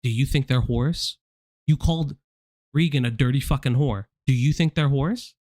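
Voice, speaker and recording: A man's voice: medium pitch, moderate pace, a little mellow, dry recording, studio quality. A man hosting a commentary stream, lecturing in a heated, profane way. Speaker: stream host.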